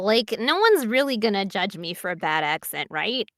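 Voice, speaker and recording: Excitable, lively-pitched woman guest. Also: normal speed, slight background noise. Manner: excitable, exclamatory. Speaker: guest in voice call. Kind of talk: casual stream chat.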